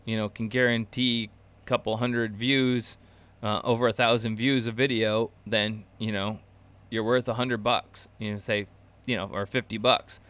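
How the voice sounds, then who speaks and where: Low, smooth-voiced man teaching casually. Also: little pitch movement, moderate pace, a bit bright. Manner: rambling, loose, with many fillers and restarts. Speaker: channel host teaching a creator class. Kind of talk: casual live-stream teaching.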